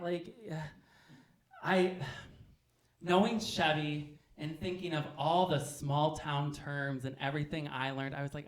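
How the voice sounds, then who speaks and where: A man doing campy, animated stand-up storytelling on a theater stage, acting out the people in his story. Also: on the high side, measured pace. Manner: animated, campy, acts out voices. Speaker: stand-up comedian. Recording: roomy theater sound.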